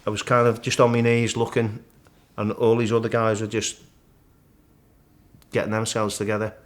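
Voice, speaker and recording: A middle-aged man, a guest in a casual interview, vividly retelling his climb and acting out the shouts and thoughts along the way. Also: on the low side, moderate pace. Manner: animated storyteller, acts out his own shouts and thoughts. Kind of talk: storytelling in casual conversation.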